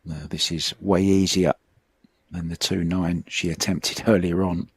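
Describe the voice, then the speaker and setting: A man's voice: low voice, level tone, a little slow, slightly rough. A middle-aged man, commentating on a pool match in a chatty, reminiscing way. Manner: chatty, reminiscing between shots.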